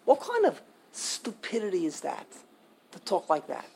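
A man's voice: high voice, huge pitch swings, normal speed, creaky, darkish tone, slight background noise, poor audio. An older man giving an informal Torah class, emphatic and indignant, repeating himself for stress. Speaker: Torah teacher.

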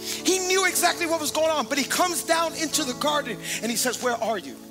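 A middle-aged man preaching a sermon as pastor, emphatic and energetic, calling out to the congregation. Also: very high voice, fairly quick. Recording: long hall reverb with music underneath.

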